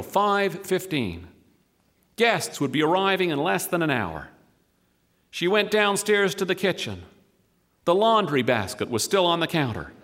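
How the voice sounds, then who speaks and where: A man reading a humorous story aloud with a wry, deadpan delivery. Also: a little high.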